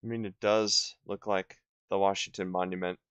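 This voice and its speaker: A man in his twenties giving casual commentary while playing a video game, rambling and halting with lots of fillers and restarts. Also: low voice, little pitch movement, clean tone, no room sound, highs cut off. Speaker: gaming video host. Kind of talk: casual let's-play commentary.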